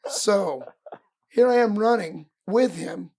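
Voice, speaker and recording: A man's voice: high voice, takes it slowly. A middle-aged man, a wrestling coach, telling stories from his youth in a podcast interview and acting out his old coaches' words. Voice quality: gravelly, husky voice. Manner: animated storyteller acting out his coaches' lines. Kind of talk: storytelling in casual interview.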